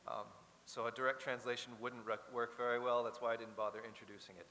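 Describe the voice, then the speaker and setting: Talking fast in a medium, fairly flat pitch with a sharp edge, a choir leader delivers an earnest and reflective introduction in a large chapel, restarting himself now and then. Hall reverb and faint hiss color the recording.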